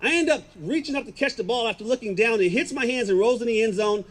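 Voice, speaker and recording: Brief: middle-aged man, high-pitched, confessional testimony, quiet to emphatic. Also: fast talker. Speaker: former football player giving a testimony. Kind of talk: personal testimony, storytelling.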